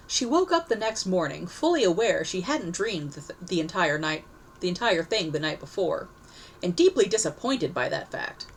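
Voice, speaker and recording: Expressive woman reading a story. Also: on the low side, unhurried, slight background noise, poor audio. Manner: expressive reading with self-corrections. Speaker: story reader. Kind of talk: storybook narration.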